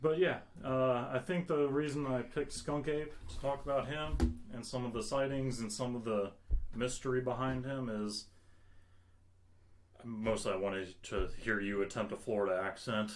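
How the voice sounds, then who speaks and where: A man co-hosting a podcast, casually chatting and reading out monster lore in a relaxed storytelling manner. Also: mid-range voice, moderate pace. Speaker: podcast co-host. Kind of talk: casual chat.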